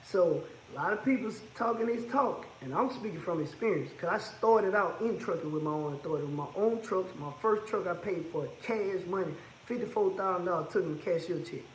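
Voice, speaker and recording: A man's voice: high voice, brisk, hardly any pauses, roomy sound, a little hiss or hum, poor audio. A man who owns a trucking business, talking casually and bluntly about its costs, repeating his points for emphasis. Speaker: trucking business owner giving advice. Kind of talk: casual advice monologue.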